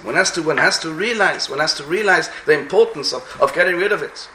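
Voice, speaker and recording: A rabbi delivers a sermon built around stories, often repeating words while he hunts for the next phrase and mixing in Hebrew and Yiddish terms. His voice is a little high and a little fast with a sharp tone. The recording sounds roomy, with a slight hiss or hum.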